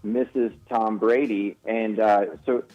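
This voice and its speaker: A man's voice: on the low side, steady tone, slow pace, faint music behind. A man, a guest comedian, telling a self-deprecating story with restarts in a casual radio interview. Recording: slightly dull radio broadcast audio.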